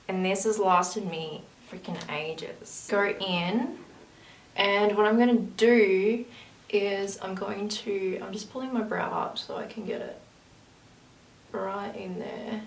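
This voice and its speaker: A woman's voice: medium pitch, gravelly. A woman chatting casually through a makeup tutorial, rambling into asides as she works. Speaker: makeup vlogger. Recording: roomy, distant camera audio with faint hiss.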